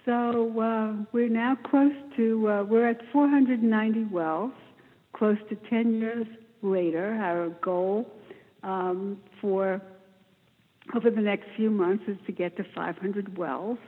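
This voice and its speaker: A woman telling the story of her charity work in an interview, in an animated, emphatic way, often clearing her throat. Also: medium pitch, slow. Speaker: interview guest, charity founder. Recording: tinny phone-like line with long reverb.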